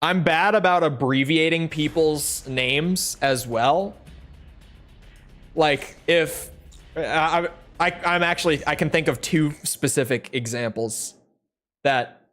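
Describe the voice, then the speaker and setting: A man's voice: fairly high pitch, slow, long pauses, fairly bright tone. A man chatting casually to his viewers while playing a flight game, rambling and swearing freely. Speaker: gaming streamer. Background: game music and jet engine sounds.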